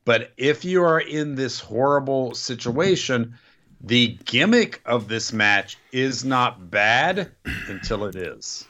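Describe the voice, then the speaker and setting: Bright-voiced grumbling man co-host. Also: mid-range voice, expressive, slow pace. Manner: blunt, grumbling, swears. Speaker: wrestling podcast co-host. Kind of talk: casual chat.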